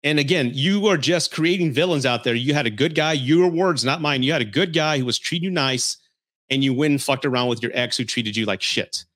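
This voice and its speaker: A male podcast host in a casual, heated rant about dating. He talks bluntly and swears freely, scolding his listeners and breaking into laughter. His voice sits at an ordinary pitch for a man. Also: a little fast, fairly bright tone. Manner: blunt and profane, laughs often.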